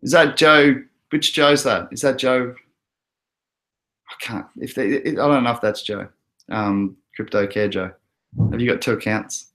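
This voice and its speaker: An Australian man runs a laid-back crypto livestream, chatting loosely, reading viewer comments aloud and laughing often. His voice is lowish and fairly bright, with a measured pace and long pauses.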